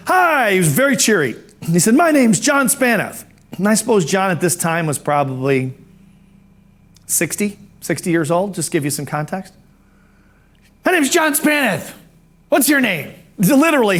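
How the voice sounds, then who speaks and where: A man with a somewhat high voice tells a personal story in an animated way. He acts out the other people he quotes and clears his throat every so often. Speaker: speaker telling his story. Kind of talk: storytelling talk.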